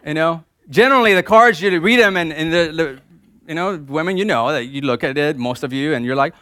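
A male pastor preaching a sermon, swinging between loud emphasis and quiet repetition and leading the congregation in call-and-response. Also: fairly high pitch, brisk, clean tone, no echo, clean studio sound.

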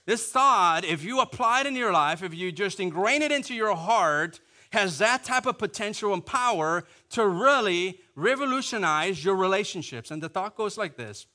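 A married man preaching a sermon to a congregation, repeating phrases and acting out quick asides. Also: sits high. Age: adult, married. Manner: animated, repetitive preaching with acted asides. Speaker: pastor.

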